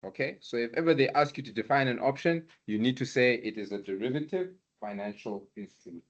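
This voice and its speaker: A man's voice: mid-range voice, fairly quick. A man giving a university lecture, often asking students if they follow. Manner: questioning, checks understanding often. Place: lecture room. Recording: roomy, dull lecture-hall recording.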